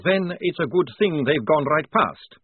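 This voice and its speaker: A man's voice: fairly high pitch, big pitch swings, moderate pace, breathy edge, dry recording, voice pushed up. A man voicing a nervous male vampire soldier who craves coffee, talking in an agitated, stammering way, on a narrow phone-like recording. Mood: hushed.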